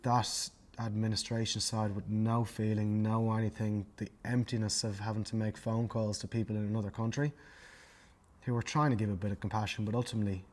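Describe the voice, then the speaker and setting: A man's voice: on the low side, flat delivery, fairly quick, darkish tone. An Irish man in a documentary interview, speaking in a reflective, subdued way.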